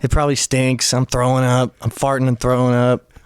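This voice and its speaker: A man hosting a podcast, telling a story in an animated way and acting out what people said. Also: medium pitch, fairly quick, clear, resonant tone, no echo. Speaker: podcast host. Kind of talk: casual podcast chat. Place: recording studio.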